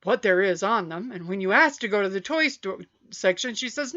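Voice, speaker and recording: A woman's voice: medium pitch, muffled recording. Woman telling a playful story. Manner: animated, playful, drawn-out repetitions. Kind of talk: casual spoken storytelling. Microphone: webcam.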